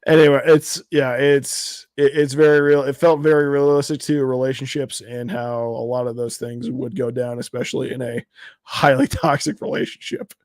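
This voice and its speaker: A man of middle pitch talks in a flat, even way, giving his opinions with plenty of hedging and filler words. The sound is dry and close to the mic. It feels like an informal panel chat. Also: moderate pace, no echo. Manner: hedging, fills with "like". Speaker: podcast panelist. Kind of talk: casual pop culture discussion.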